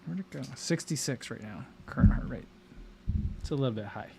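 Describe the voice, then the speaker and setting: A man's voice: mid-range voice, animated, brisk, gravelly, background noise. A man hosting a casual livestream and talking to his chat, rambling with many fillers and restarts. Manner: chatty and rambling, many fillers and self-interruptions. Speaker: livestream host reading chat.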